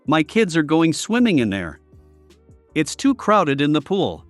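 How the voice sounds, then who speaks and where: A man's voice: fairly high pitch, huge pitch swings, measured pace, no echo, soft background music. A man voicing a stubborn, pushy tourist mother who keeps asking the same questions, read in a storytelling video. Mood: insistent. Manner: insistent, repetitive questioning.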